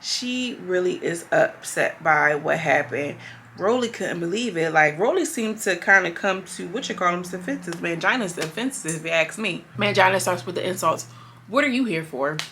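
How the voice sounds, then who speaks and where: Bright-voiced woman giving blunt recap commentary. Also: fairly low pitch, animated, moderate pace, a little hiss or hum. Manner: blunt, profane, exasperated. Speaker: reality show recap vlogger. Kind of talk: casual commentary.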